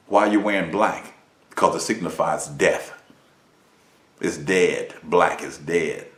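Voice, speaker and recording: A man, a minister, delivering a preached lesson. He talks emphatically, uses rhetorical questions, and swings widely in pitch and volume. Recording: roomy echo.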